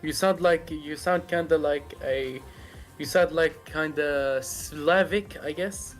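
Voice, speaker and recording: A man's voice: a little high, slow pace, soft background music. A young man from the Arab world chatting casually on a voice call, joking and often restarting his sentences. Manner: jokey, hesitant, restarts a lot. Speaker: voice chat participant. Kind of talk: casual voice chat.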